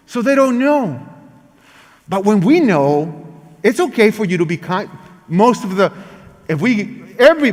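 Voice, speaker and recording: Animated high-voiced man in a reverberant hall. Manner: animated, emphatic, non-native English phrasing. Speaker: parenting workshop presenter. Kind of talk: lively teaching talk acting out parent and child lines. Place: church hall. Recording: long reverb of a large hall.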